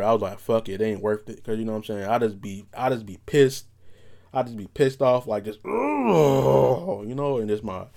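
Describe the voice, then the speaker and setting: A man's voice: on the low side, darkish tone. A young man, telling rambling, profane stories in a laid-back podcast monologue. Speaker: podcast host. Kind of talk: casual storytelling monologue.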